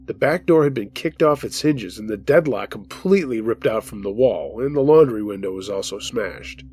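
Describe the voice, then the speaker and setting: Man calmly reading a scary story. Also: fairly low pitch, normal speed, husky. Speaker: storytelling host. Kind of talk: first-person reading of a listener's horror story.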